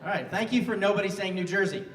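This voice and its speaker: A man in his fifties doing stand-up in a live music venue, teasing himself and trading jabs with the audience. His voice sits a little high for a man. It comes through a stage mic and sounds roomy and distant, with a faint murmur of the hall behind it. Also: quick pace, fairly bright tone, a little hiss or hum. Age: 50s. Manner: self-mocking, banters with the crowd. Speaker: stand-up comedian.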